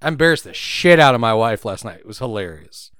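A man's voice: medium pitch, lively intonation, fast, a bit bright, clear, resonant tone, no room sound, studio quality. A man co-hosting a video game podcast, reading news items between jokes and laughing often, repeating his own phrases. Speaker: podcast co-host.

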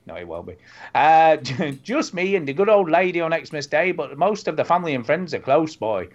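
A man's voice: a little high, very animated, moderate pace, muffled recording. A man in his forties hosting a casual podcast, laughing and bantering. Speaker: podcast host. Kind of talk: casual chat.

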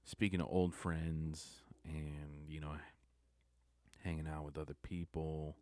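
A man's voice: very deep voice, little pitch movement, takes it slowly, darkish tone, no echo. A young adult man giving a subdued, rambling confessional monologue that halts and restarts often. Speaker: vlogger.

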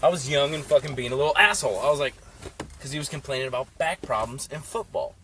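A young man with a bright, forward voice rambles through stories, cursing freely and stacking up "like" in a loose chat. Faint background noise sits under the recording. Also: medium pitch, quick pace. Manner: profane, rambling, lots of "like". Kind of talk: casual storytelling chat.

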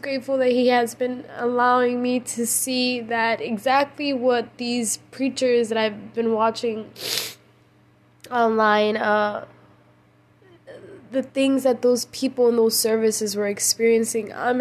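A woman's voice: a little high, steady tone, a little slow, a little hiss or hum. A young woman hosting a casual faith podcast late at night, tired and emotional, rambling with slang and many restarts. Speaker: podcast host.

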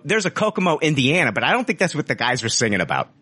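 Casual profane male host, animated delivery, bright tone, dry close recording. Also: a little high, fast, breathy edge, no room sound. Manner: loose, profane, joking. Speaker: podcast host. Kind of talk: casual chat.

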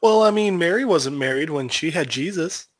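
A man cutting in with deadpan wisecracks during casual podcast banter. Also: a little high, moderate pace, dry recording, studio quality.

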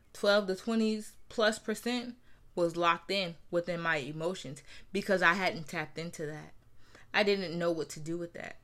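A woman in her thirties from New Jersey speaks in a personal, reflective talk. Her voice is bright and forceful but sits fairly low, and she leans on repeated phrases to drive her point home, earnest and candid throughout. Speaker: mother sharing her story.

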